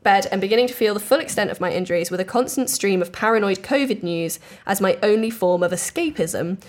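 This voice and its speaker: A woman's voice: medium pitch, fairly quick. A woman co-hosting a podcast in casual chat, reading listener stories aloud and laughing easily. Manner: chatty storyteller, laughs easily. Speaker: podcast co-host.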